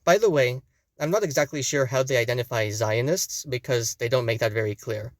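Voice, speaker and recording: A man's voice: medium pitch, brisk, heavy background noise. A young man giving scripted commentary, pointed and with sarcastic asides. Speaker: video commentator.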